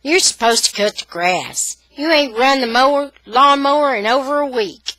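A woman's voice: high-pitched, lively intonation, normal speed, sharp tone, no room sound, voice pushed up, low-quality recording. A woman reading a storybook aloud and voicing a stern, bossy father who scolds firmly. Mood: scolding.

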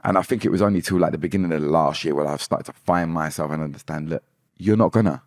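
A man's voice: extremely low pitch, quick pace, a little mellow, no echo, clean studio sound. A young British man, a dancehall artist and podcast guest, telling his story candidly with many restarts and repeated words. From Britain. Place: podcast studio.

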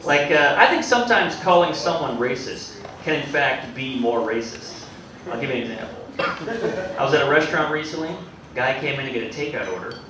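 Male stand-up comic, deadpan and self-deprecating, lively pitch, recorded from far off in an echoey club with loud crowd noise. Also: brisk. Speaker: stand-up comedian. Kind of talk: stand-up comedy set. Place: comedy club with live audience.

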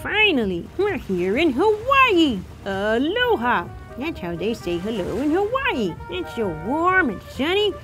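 A cheerful little gator pirate, voiced by a woman squeaks and whoops through a kids' play adventure. The voice sits extremely high and swoops around, and the lines come at an easy, unhurried pace. Bright music runs under it all. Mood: relaxed. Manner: excitable, lots of whoas and squeals. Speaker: show's title character. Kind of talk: kids' pretend-play video voice. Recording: music playing behind.

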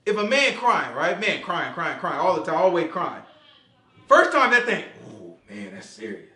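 A man preaching an informal sermon in slangy, animated talk, acting out voices as he goes. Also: high voice, moderate pace. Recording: echoey room.

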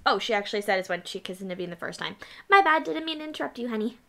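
Woman reacting to a vid, bright punchy voice, chatty, keeps jumping in. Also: mid-range voice, lively intonation, quick pace, gravelly. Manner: chatty, playful, interjecting asides. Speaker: channel host reacting to a video. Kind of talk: casual reaction commentary.

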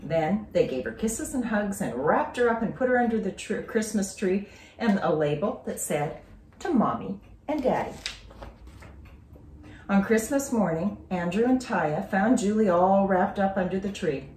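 A woman teacher reading a children's story aloud with expressive, dramatic storytelling. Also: medium pitch, normal speed, a little hiss or hum. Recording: roomy, distant from mic.

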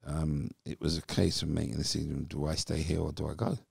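A British former footballer in his fifties, guesting on a podcast, tells his story animatedly and acts out what people said. His bass voice is level, brisk, darkish and slightly rough with vocal fry. The storytelling interview has clean studio quality with no echo.

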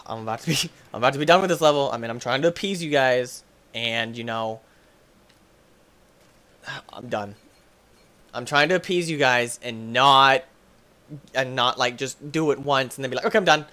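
A young man playing a video game and commenting on it, excitable, yelping and laughing often. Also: mid-range voice, moderate pace, pauses often. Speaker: gaming YouTuber.

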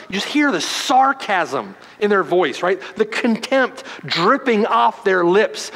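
Male preacher, unhurried delivery, big swings between loud stress and hushed lines, long church reverb. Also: very animated. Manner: dramatic preaching, swinging from loud emphasis to hushed low tones. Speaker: pastor. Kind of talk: sermon. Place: church sanctuary.

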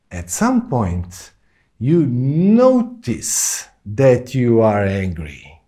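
A man teaching a spoken self-help course, talking slowly and deliberately, pausing often and rising into sudden emphasis. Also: medium pitch, warm tone. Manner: slow, deliberate, with long pauses and sudden emphatic rises.

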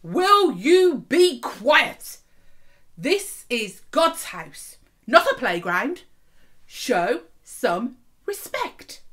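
A woman's voice: high-pitched, sing-song, unhurried, few pauses, pitched above the performer's own voice. A woman voicing two pompous, stern male temple priests scolding children in a told story.

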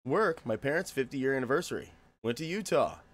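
A man's voice: mid-range voice, lively intonation, a little fast. A man streaming games live, joking around and greeting his chat by name in a goofy way. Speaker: game streamer chatting with viewers.

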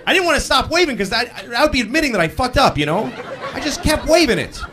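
A man doing a stand-up set on a club stage, telling stories and breaking into loud yells for punchlines, with the audience laughing behind him. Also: extremely high pitch, quick pace, crowd noise. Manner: animated storytelling, bursts into loud yells for punchlines. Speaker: stand-up comedian.

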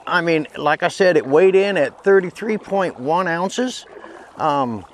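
A man's voice: on the high side, animated, unhurried, slight background noise. A man casually reviewing a kayak paddle outdoors, enthusiastic and folksy, repeating points for emphasis. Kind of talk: casual product review vlog. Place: outdoors on a lake, then a patio.

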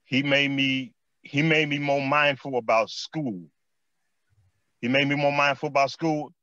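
A man's voice: mid-range voice, unhurried, no echo, lo-fi sound. A man with a Chicago accent, a former basketball player telling stories in an interview, repeating his phrases and saying "man" a lot. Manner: animated street storytelling, repeats phrases and says "man" often. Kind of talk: storytelling interview chat.

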